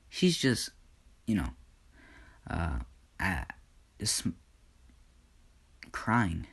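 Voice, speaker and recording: A man narrating an improvised fan story casually, halting often with fillers and restarts. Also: on the low side.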